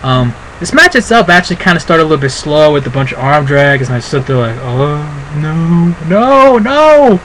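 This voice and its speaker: A man's voice: fairly high pitch, lively intonation, fast talker, few pauses, sharp tone, slight background noise, poor audio. A man giving a casual, rambling spoken review, full of fillers and asides. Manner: rambling, chatty, many fillers. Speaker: wrestling show reviewer.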